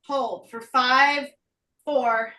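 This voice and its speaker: A woman teaching a live yoga class, out of breath, calling breath and pose cues with brisk energy. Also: high-pitched, steady tone, sharp tone. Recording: roomy echo, voice from a distance.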